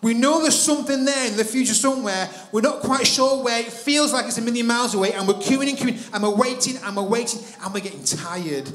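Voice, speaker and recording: Animated high-voiced preacher in a roomy hall. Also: male voice, brisk, few pauses. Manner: animated storytelling, acting out his own thoughts. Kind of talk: sermon with a personal story. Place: church hall.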